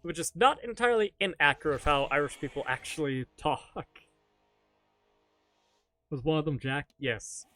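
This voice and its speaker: A man's voice: a little high, normal speed, pauses often, a bit bright, faint music behind. A man chatting casually to his live-stream audience while gaming, rambling, joking and swearing offhandedly.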